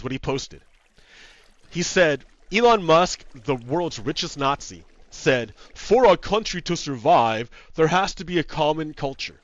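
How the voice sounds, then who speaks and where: A man's voice: a little high, fairly bright tone, no room sound, highs cut off. A man hosting his own gaming video, ranting in casual commentary, heated and profane, repeating himself and laughing often. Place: home setup with green screen.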